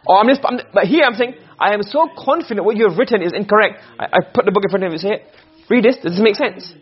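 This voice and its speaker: A man's voice: high-pitched, racing, husky, lo-fi sound. A man teaching a class, lecturing and explaining points by asking his students questions. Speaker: Arabic rhetoric teacher.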